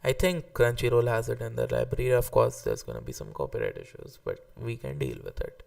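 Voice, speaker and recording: A man in casual live-stream reaction commentary, excitable and swearing freely, often restarting his sentences. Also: mid-range voice, brisk, gravelly, clean tone, far from the mic. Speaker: streamer ranking anime arcs.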